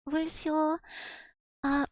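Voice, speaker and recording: A woman's voice: high-pitched, flat delivery, extremely slow, dry recording. A young woman streaming casually, chatty and self-mocking, filling her talk with "like" as she sounds out foreign words. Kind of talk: casual livestream chat, practicing Russian words aloud.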